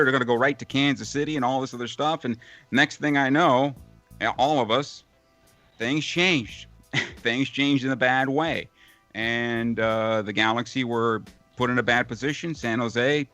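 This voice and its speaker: A man's voice: mid-range voice, a bit bright, no room sound. A man, a veteran radio play-by-play broadcaster, answering interview questions in a reflective, rambling way with many fillers. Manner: reflective, speaks in long run-on lists with fillers. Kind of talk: casual interview over a call.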